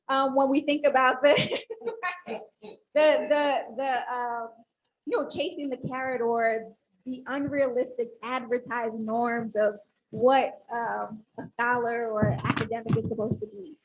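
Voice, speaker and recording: A woman's voice: on the high side, slight background noise, low-quality recording. A woman academic speaking on a panel, talking with animation and leading the audience through an exercise. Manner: animated, instructive, audience-engaging.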